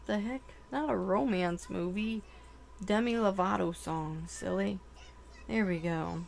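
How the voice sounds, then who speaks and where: A woman tarot reader giving a channeled reading, emotional and halting, full of "like" fillers. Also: mid-range voice, gravelly, a little mellow, slight background noise.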